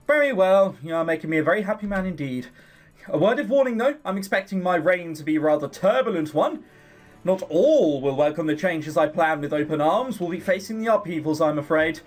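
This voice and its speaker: A man reading the lines of a courteous young prince in a formal, measured way. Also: fairly high pitch, expressive, faint music behind. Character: earnest young male prince, poised and courteous.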